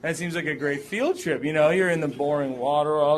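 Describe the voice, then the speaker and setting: A man performing a comic personal story for an audience, jumping into high voices when he quotes people. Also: brisk, hardly any pauses, slight background noise.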